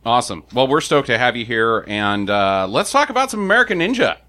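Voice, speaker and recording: A man's voice: mid-range voice, sing-song, fairly quick, bright, forceful tone. A man hosting a podcast, chatting casually with an enthusiastic, jokey manner. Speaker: podcast host.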